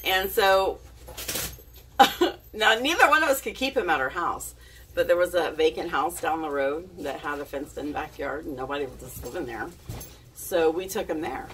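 A woman's voice: deep voice, expressive, normal speed, fairly bright tone, distant mic, slight background noise. A woman telling a casual story to her camera, chatty and giggly, with plenty of fillers and restarts. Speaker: vlogger.

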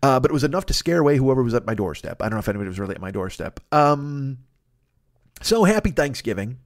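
A man's voice: medium pitch, sing-song, dry recording, studio quality. A man hosting his own comedy podcast, ranting and riffing in a profane, rambling monologue. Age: 40s. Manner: profane, rambling, quick riffing rant with mock voices. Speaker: podcast host.

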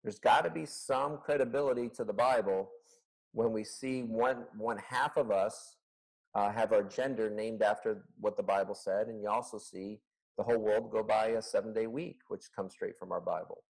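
A man's voice: fairly low pitch, fairly even intonation, normal speed, creaky, darkish tone, poor audio. A man teaching a Bible study as a pastor, earnest and conversational, asking his listeners rhetorical questions, recorded over an online video call.

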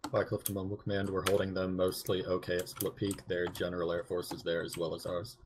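A man's voice: sits low, completely flat delivery, fairly quick, noisy background. A man giving clipped radio-style reports to his commander in an online game over voice chat. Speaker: squad leader in an online game. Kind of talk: game voice comms.

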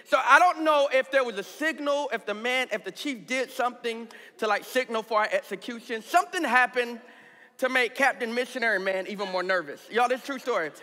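A man pastor telling a candid, comic story in a sermon, animated and laughing along. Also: very high voice, a little fast. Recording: reverberant hall sound.

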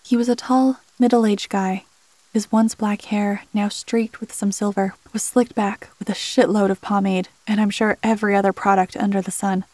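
A woman narrating a first-person horror story in a measured, scripted delivery. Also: mid-range voice, little pitch movement, a little mellow, dry recording.

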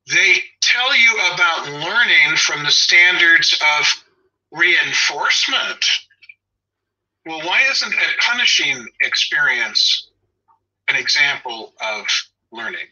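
A man's voice: on the high side, sharp tone. A man in his sixties with a Southern Californian accent, a dog trainer talking in a casual chat, opinionated and wry, drifting into side stories. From Los Angeles. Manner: opinionated, wry, digressive storyteller. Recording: dull lo-fi audio.

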